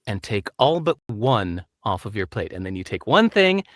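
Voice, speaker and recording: A man speaks as an interview guest and tells anecdotes with lots of energy. His pitch rises and falls freely as he acts out other voices. The recording is dry and close. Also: normal speed, no room sound. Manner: animated storyteller who acts out voices. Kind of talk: conversational interview, storytelling.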